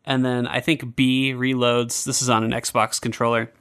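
A man hosting a podcast in a loose, casual chat, with plenty of ums and restarts. His voice has a bright, forward tone at a middle pitch. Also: moderate pace, clean tone. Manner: relaxed, filler-heavy, self-correcting. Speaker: podcast host. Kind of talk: casual game review chat.

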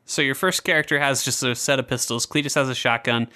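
A man hosting a podcast in a loose, casual chat, with plenty of ums and restarts. His voice has a bright, forward tone at a middle pitch. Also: fast talker. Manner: relaxed, filler-heavy, self-correcting. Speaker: podcast host. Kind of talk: casual game review chat.

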